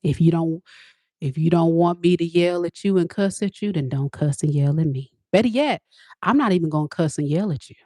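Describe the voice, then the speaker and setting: A woman in her forties, a tarot reader, answering viewers in a candid, sassy, animated live-stream chat. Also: low voice, a little fast, dry recording, studio quality. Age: 40s. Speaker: tarot reader and spiritual advisor.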